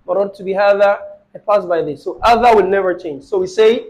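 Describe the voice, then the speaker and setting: High-voiced male grammar teacher. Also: a little mellow, rough recording. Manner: asks the student questions and repeats phrases slowly. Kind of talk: live online lesson with a student.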